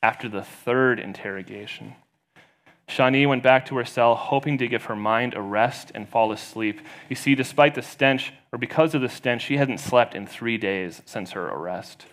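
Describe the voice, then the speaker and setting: A man preaching a sermon as pastor, retelling a story and raising his voice for the quoted voices. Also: normal speed. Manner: storytelling, rising loud and high for quoted voices.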